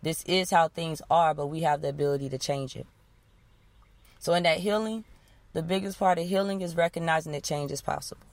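A woman coach leading listeners through a guided breathing exercise, giving calm, repeated instructions. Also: sits low, brisk, no room sound. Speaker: wellness coach.

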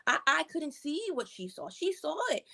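A woman guest telling a personal story in a conversational interview, acting out what others said in lively casual speech. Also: high voice, moderate pace, creaky. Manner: animated storyteller, acts out quotes in casual slang. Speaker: program participant, guest.

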